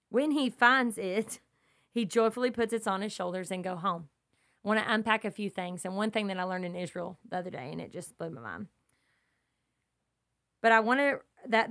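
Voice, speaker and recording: A young adult to middle-aged woman, a mother of kids who hosts a podcast, teaches scripture in an earnest, emphatic, storytelling way that stays conversational. Her voice is medium-pitched with a fairly bright tone.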